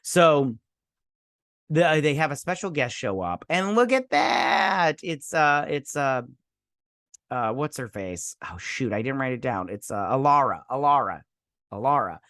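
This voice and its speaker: A man's voice: medium pitch, big pitch swings, measured pace, a bit bright, dry recording, clean studio sound. A man hosting a casual spoken TV review, rambling with many fillers and restarts and mimicking characters' lines. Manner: acts out characters' lines in mocking voices. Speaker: TV review host.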